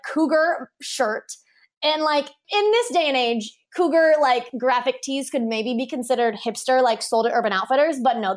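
A young woman with a slightly high voice is a guest on a podcast, where she works as a wedding photographer. She tells a story in a bubbly, casual way, laughing often and saying "like" a lot.

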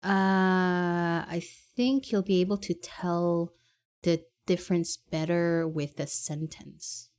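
A woman from Quebec, co-hosting a podcast in casual chat, hesitant and searching for words, quick to poke fun at herself. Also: on the low side, steady tone, a little mellow. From Quebec, Canada. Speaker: podcast co-host.

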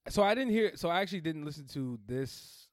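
A man with a slightly high voice banters with his co-host on a podcast, laughing and swearing as he tries to change the subject. His pitch moves freely and expressively. The recording is dry and close. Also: lively intonation, a little fast, dry recording. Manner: exasperated, laughing, profane. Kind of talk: casual banter.

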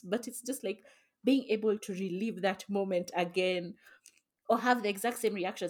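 A woman's voice: mid-range voice, a little mellow. A young woman co-hosting a podcast with her sisters, talking reflectively in casual chat and swearing now and then. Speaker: podcast co-host.

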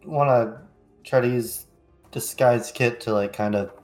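A man speaking as a player in a tabletop game, halting and casual. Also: medium pitch, darkish tone, soft background music, low-quality recording.

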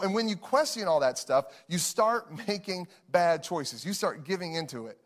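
A male pastor in his thirties delivers a sermon in an earnest, personal way. His voice sits slightly high for a man. He repeats phrases for emphasis and breaks into short chuckles between lines. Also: expressive, moderate pace, hardly any pauses, a bit bright.

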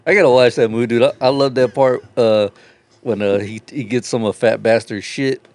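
A man's voice: mid-range voice, steady tone, moderate pace, a little mellow. A young man in casual podcast chat, telling profane, rambling stories and laughing through them.

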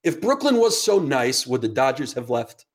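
A man's voice: mid-range voice, sing-song, moderate pace. A man co-hosting a podcast, talking sports in a blunt, sarcastic way and swearing casually. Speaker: podcast co-host.

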